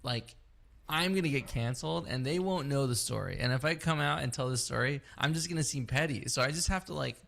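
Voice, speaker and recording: A man on a podcast telling a story about his day in a loose, chatty way. He curses a lot and slips into quick impressions of the people he met. His voice sits at an ordinary middle pitch. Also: vocal fry. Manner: animated, profane, acts out both sides of the story. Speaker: podcast co-host. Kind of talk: casual storytelling chat.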